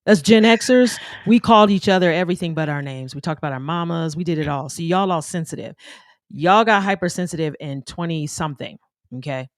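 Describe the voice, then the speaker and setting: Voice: medium pitch, brisk, no room sound, clean studio sound. A middle-aged podcast co-host, brash and scolding, talking in punchy bursts. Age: 40s-50s. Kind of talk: podcast chat.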